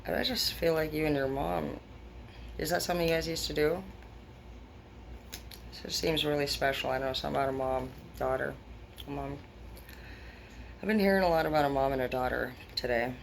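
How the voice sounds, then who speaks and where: A woman's voice: sits low, fairly even intonation, fairly quick, creaky, long pauses, slight background noise. Rambling, profane woman tarot reader. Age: adult with children. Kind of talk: casual tarot reading to viewers.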